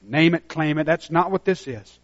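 A man preaching a sermon as pastor, dropping to a hushed intensity and then rising to loud, emphatic exhortation. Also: on the high side, moderate pace. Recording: muffled lo-fi sermon recording.

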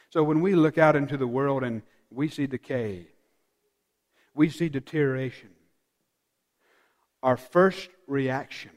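High-voiced preacher in a reverberant hall. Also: male voice, darkish tone. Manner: emphatic, rising and falling dynamics, dropping to near-whispers. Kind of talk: sermon.

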